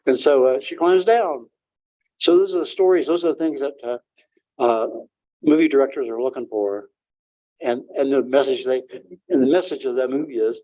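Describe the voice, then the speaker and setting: An older man, a guest author, talking informally to an audience and taking questions, halting with many fillers and restarts. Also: mid-range voice. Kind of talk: informal talk and Q&A. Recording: dull lo-fi room recording.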